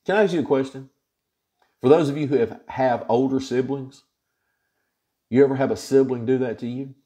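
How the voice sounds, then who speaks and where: A man's voice: mid-range voice, moderate pace, warm tone. A male pastor teaching an informal Bible study, retelling scripture in a folksy, plain-spoken way.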